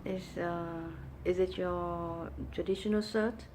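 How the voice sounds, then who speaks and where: A woman's voice: fairly low pitch, steady tone, slow pace, noisy background. A woman student giving short, hesitant answers in class.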